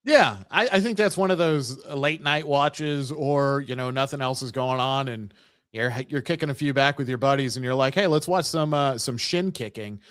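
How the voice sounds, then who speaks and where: A man co-hosting a sports podcast in casual chat, explaining things in a relaxed, easygoing way. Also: mid-range voice, moderate pace, smooth, dry recording, clean studio sound. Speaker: podcast co-host.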